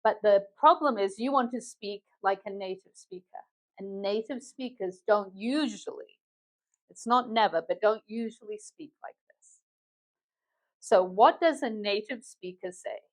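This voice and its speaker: A woman from England with a London accent, an English teacher giving a clear, patient online lesson. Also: medium pitch, a little slow, low-quality recording.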